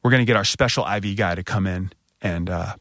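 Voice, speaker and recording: A man in his thirties, a podcast co-host, telling a candid story and jumping up in pitch when he quotes himself. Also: fast, dry recording, clean studio sound. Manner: animated retelling, voice rising when quoting himself.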